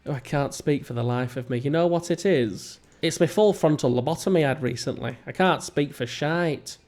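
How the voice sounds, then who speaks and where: A man's voice: a little high, moderate pace, darkish tone. Jokey Northern English man. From England. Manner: rambling, self-mocking and jokey. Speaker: let's play host. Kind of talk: casual gameplay commentary.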